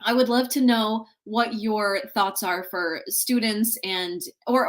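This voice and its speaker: A woman hosts a live interview from home with a ring light. She is effusive and encouraging and often repeats her first words before going on. Her pitch sits in the middle range for a woman. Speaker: host. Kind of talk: live interview show hosting.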